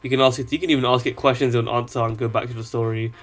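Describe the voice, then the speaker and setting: A man's voice: medium pitch, steady tone, very fast. A man casually showing off an app he built, rambling with lots of fillers. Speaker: app developer. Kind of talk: casual product demo.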